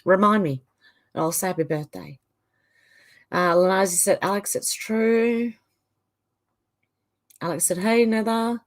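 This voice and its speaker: A woman's voice: mid-range voice, measured pace, long pauses. Chatty Australian woman livestreamer. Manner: chatty, trails off and restarts mid-sentence. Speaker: livestream host. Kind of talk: casual chat reading out live comments.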